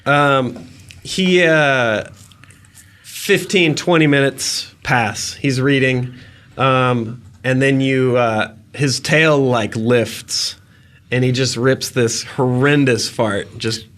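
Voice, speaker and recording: A man narrating as dungeon master in a tabletop game, slowly painting vivid, gross scene details and laughing at them. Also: mid-range voice, fairly bright tone.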